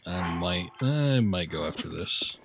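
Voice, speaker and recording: A man's voice: low-pitched, lively intonation, measured pace, vocal fry, music in the background. A man streaming a video game, talking casually and joking at himself as he plays. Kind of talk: casual gameplay commentary.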